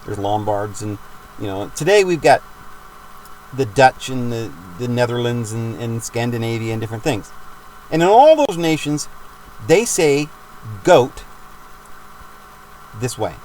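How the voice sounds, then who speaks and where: A man's voice: medium pitch, animated, moderate pace, darkish tone, slight background noise, poor audio. A man giving a rambling, emphatic religious monologue for his videos, with frequent restarts. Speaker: video maker.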